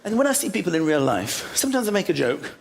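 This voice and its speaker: A man doing stand-up comedy as host, animated, laughing through his lines and acting out little voices. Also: high-pitched, fast, gravelly, very noisy. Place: large theatre with live audience. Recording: echoey venue with loud audience laughter.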